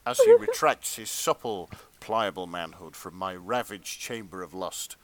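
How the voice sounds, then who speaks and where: A man co-hosting a comedy podcast, reading fan fiction aloud in a hushed, mock-serious tone. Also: deep voice, wildly swooping pitch, a little slow. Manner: reads in a hushed, mock-serious tone, then cracks up. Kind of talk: dramatic reading with comic asides.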